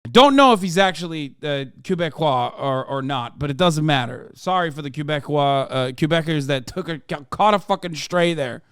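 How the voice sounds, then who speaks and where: A man's voice: a little high, expressive, normal speed, few pauses, fairly bright tone, clean tone, no room sound, studio quality. A man streaming a sarcastic, profane rant while reacting to news articles. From United States. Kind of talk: ranting commentary.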